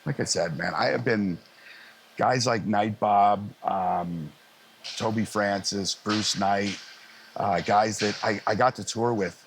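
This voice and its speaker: A middle-aged man, a live sound engineer, telling lively, easygoing stories in a casual interview and acting out other people's lines. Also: on the low side, slow, gravelly, slight background noise. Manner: animated anecdotes, acting out others' lines in a raised voice; frequent fillers and restarts, easygoing.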